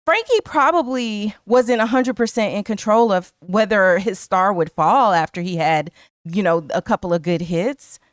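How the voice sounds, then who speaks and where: A woman's voice: mid-range voice, moderate pace, dry recording, clean studio sound. A woman co-hosting a podcast, chatting casually about a film and retelling its scenes. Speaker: podcast co-host.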